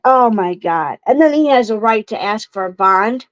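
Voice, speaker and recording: A young woman with a fairly high voice talks her viewers through a true crime case, reacting with outrage and tripping over her words as she reads. The sound is dull and lo-fi, with a dry, close feel. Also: expressive, normal speed, few pauses, no echo. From Ohio, United States. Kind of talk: casual true crime commentary.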